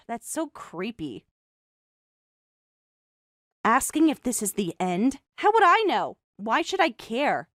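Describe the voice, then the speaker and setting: A young woman voicing a calm, mocking designer who also narrates the story in first person. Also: fairly high pitch, no echo, studio quality, heavily acted. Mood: cold mocking. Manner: cool, mocking, measured.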